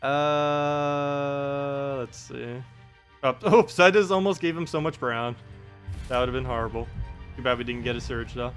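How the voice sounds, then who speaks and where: A chatty male game streamer with a bright, forward voice, talking casually as he plays and answers viewers. He laughs easily and drifts between thoughts, with faint game music under him. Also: medium pitch, a little slow. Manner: chatty, reading out chat and laughing often. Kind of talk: casual live-stream chat. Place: home in South Carolina.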